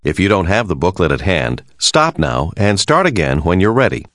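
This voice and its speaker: A man giving scripted instructions for a language course in a calm, measured, clearly enunciated way. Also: sits low, no room sound, clean studio sound.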